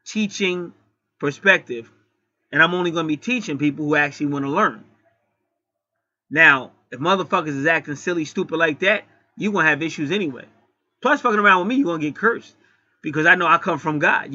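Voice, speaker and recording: A man's voice: high voice, pushed and bright, no room sound, dull audio. A man, preaching a blunt, profane spiritual teaching monologue that builds to heated outbursts.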